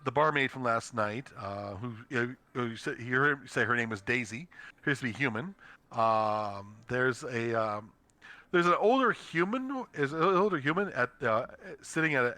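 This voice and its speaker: A man's voice: mid-range voice, pushed and bright, no echo. A man running a tabletop game as dungeon master, narrating with many fillers, restarts and easy laughs. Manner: laughs easily.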